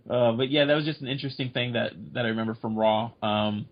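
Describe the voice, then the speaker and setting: A man's voice: mid-range voice, fast talker. A man co-hosting a wrestling podcast, chatting in an easygoing, agreeable way. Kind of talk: casual chat. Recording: dull lo-fi recording.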